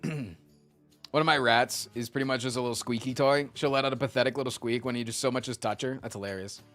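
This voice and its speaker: A man chats casually on a livestream, speaking fast at a medium pitch while faint music plays. His storytelling is animated and laced with frequent swearing. He also reads viewers' chat messages aloud and answers them.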